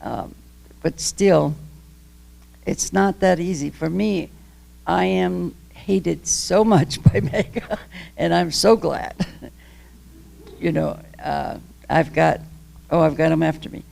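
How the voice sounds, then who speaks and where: A woman's voice: lowish voice, slow pace, gravelly, pauses often, darkish tone. An older woman giving an impassioned talk about her own story. She is emphatic, laughs between points, and rambles with restarts. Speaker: guest speaker. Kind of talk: public talk, candid personal story.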